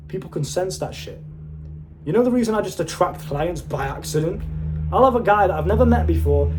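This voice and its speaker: Young man, self-improvement coach, casual motivational monologue, blunt and excitable, swears often. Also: sits high. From United Kingdom.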